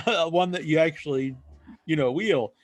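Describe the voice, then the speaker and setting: A man co-hosting a podcast, telling a long story in casual chat and acting out other people's lines loudly. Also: on the high side, moderate pace, dry recording. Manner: rambling storyteller, acts out quoted voices loudly. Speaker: podcast co-host.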